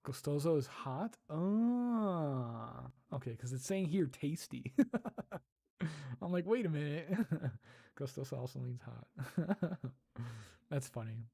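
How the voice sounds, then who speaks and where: Slow, gravelly, soft-spoken streamer. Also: medium pitch, lively intonation. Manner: soft-spoken, giggly, curious. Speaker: ASMR livestreamer. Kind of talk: casual livestream chat with viewers.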